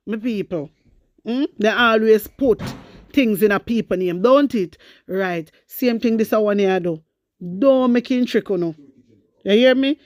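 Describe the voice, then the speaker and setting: Her voice medium in pitch, a Jamaican woman delivers animated, casual political commentary in studio-quality audio with no room sound. She moves between Jamaican patois and English, reads news excerpts aloud, and addresses her audience directly as wisdom warriors.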